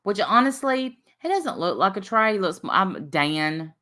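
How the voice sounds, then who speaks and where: A woman's voice: mid-range voice, sing-song, measured pace, pushed and bright. A woman hosting a casual livestream, chatting, reading out viewer names and laughing at herself. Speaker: livestream host.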